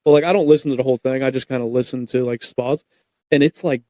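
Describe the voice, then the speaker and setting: A man's voice: medium pitch, steady tone, quick pace, dark tone, no echo. A young man hosting a podcast, talking in a laid-back, rambling way full of fillers. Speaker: podcast host. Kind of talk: casual podcast chat.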